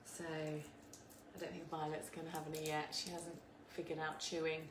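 This English woman has a low voice with flat delivery at a moderate pace. She hosts a live cooking stream in her home kitchen, chatting casually, laughing, and greeting viewers by name. The kitchen sounds echoey, with faint background noise.

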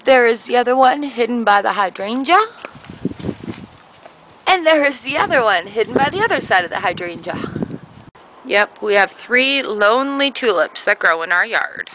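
Woman, vlogger, bubbly, giggly, excitable, casual chat. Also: on the high side, normal speed, slight background noise, rough recording.

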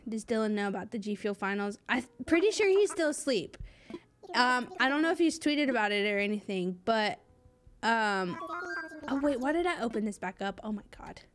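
Young woman streamer, slightly high, chatty and scattered, constant fillers, thanks her chat. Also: lively intonation, normal speed, soft background music. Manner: rambling and chatty, trailing off with many fillers; bubbly, reads out and thanks viewers. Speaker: game streamer. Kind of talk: live gameplay stream chatter.

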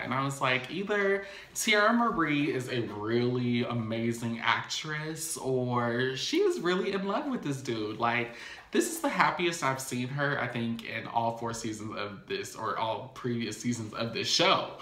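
A man's voice: mid-range voice, animated, a little slow, sharp tone, reverberant. A man recapping a TV episode in a casual, gossipy way, with playful asides to his viewers. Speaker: YouTube recap host.

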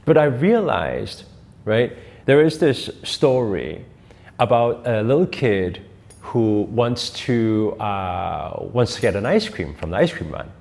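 A man's voice: on the low side, big pitch swings, slow pace, creaky, a little mellow. A man spiritual teacher giving an emphatic motivational talk, asking his audience questions and repeating key phrases.

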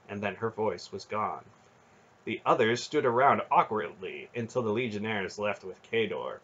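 A man reading a fantasy novel aloud as an expressive audiobook narration. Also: fairly low pitch, moderate pace, husky, lo-fi sound. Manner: dramatic storybook narration, expressive.

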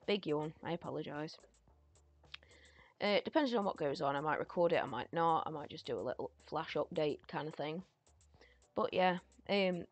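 A young woman giving chatty, excitable commentary as a gaming YouTuber. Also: sits low, dry recording.

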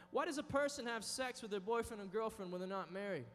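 Lively male youth preacher with a high voice; large reverberant hall. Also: quick pace, hardly any pauses, slight background noise. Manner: dynamic, acts out inner voices. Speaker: youth conference speaker. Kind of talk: sermon. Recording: reverberant hall with soft music.

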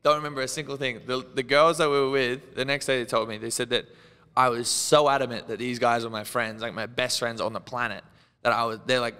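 A man's voice: medium pitch, steady tone, fast talker, pushed and bright, smooth, in a large hall. A young Australian man in his twenties, a podcast guest telling wild stories in casual chat, rambling and swearing as he acts out what people said. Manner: rambling storyteller, swearing and laughing, acting out quotes.

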